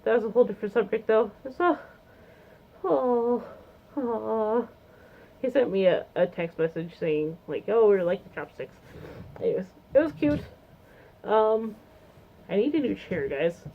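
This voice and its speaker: A woman's voice: fairly high pitch, lively intonation, a little slow, gravelly, long pauses, slight background noise. Giggly rambling woman, lo-fi phone-like sound. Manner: bubbly, giggly, gushing, rambling with many ums. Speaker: vlogger reviewing a convention. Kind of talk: casual chat to camera. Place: home, seated in a chair.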